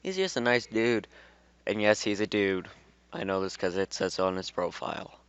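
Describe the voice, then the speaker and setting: Casual male reader, low and smooth; rambling, profane asides; dry, dull home recording. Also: fairly even intonation, normal speed, fairly bright tone, dry recording. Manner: rambling, swearing, laughing asides. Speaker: fan fiction reader and YouTuber. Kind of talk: casual reading with rambling commentary.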